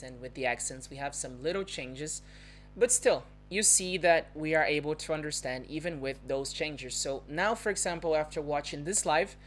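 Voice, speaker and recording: A Brazilian woman with a Brazilian accent, a native Portuguese speaker teaching pronunciation on a live stream and repeating each word twice. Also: deep voice. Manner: models words slowly, repeating each twice. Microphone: phone or computer mic on a live stream.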